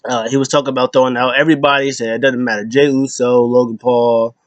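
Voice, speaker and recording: A man's voice: mid-range voice, little pitch movement, fast talker, no room sound. A man casually recapping a wrestling show, rambling with plenty of fillers and retelling what was said. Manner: rambling, retells lines in quotes, many fillers.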